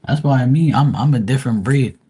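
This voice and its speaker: A man's voice: medium pitch, a little fast, mellow, husky. A man from Bermuda hosting a live tarot stream, ranting bluntly and profanely in casual chat.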